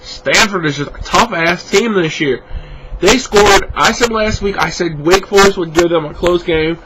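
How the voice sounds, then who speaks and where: Heavy background noise sits under a high-pitched man speaking at a moderate pace. A tired, yawning sports vlogger, he casually rambles through his football picks, full of fillers and restarts as he corrects himself.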